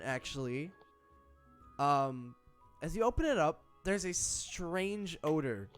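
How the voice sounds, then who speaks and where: A man narrating as game master of a tabletop game on a stream, relaxed and halting, talking into a headset. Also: on the high side. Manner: relaxed, halting, with fillers and laughs.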